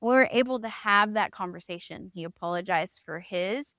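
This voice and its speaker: Woman podcast host in her thirties, smooth clear voice, dry close sound, lively storyteller. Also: mid-range voice, normal speed, no room sound. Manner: animated storyteller acting out quoted voices. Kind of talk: candid faith podcast storytelling.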